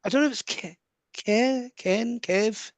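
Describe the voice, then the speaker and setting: A Scottish man working as a medium, giving an earnest live reading over a video call with quick asides and laughs. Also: extremely high pitch, dry recording. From Scotland.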